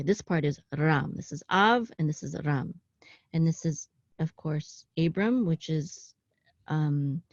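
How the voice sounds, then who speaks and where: Woman, lowish voice, Hebrew teacher, halting casual explainer, dull dry recording. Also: a little mellow, no room sound. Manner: halting, with frequent ums, self-corrections and "okay?" check-ins. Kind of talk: casual online class, explaining text on screen. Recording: dull lo-fi sound, dry close room.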